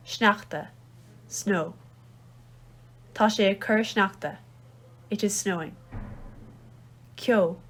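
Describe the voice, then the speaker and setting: A woman with a Kerry Irish accent reading Irish words and phrases aloud, each followed by its English translation. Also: medium pitch. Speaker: language teacher reading a phrasebook. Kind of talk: slow read-aloud phrase lesson.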